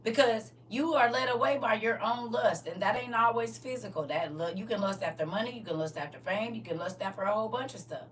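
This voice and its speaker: A woman's voice: a little high, fairly quick, few pauses. A woman preaching a livestreamed sermon, fervent and exhorting in a colloquial style. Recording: distant mic with faint noise.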